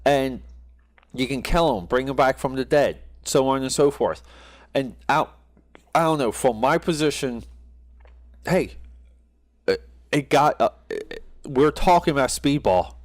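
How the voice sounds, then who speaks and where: A man's voice: medium pitch, expressive, measured pace, pauses often, no echo. A man co-hosting a casual podcast, rambling with many restarts and frequent laughs. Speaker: podcast co-host. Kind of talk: casual podcast chat about comics.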